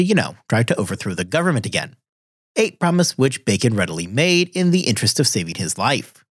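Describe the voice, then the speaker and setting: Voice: mid-range voice, slightly rough, no echo, studio quality. A podcast host reading scripted history narration in a wry way, dropping casual asides.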